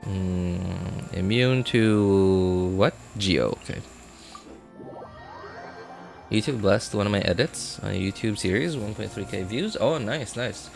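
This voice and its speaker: With vocal fry and hardly any pauses, a man in a lowish voice talks a little slowly as he streams a game over faint background music. His casual chatter rambles, is full of filler words, and is punctuated by self-amused laughter.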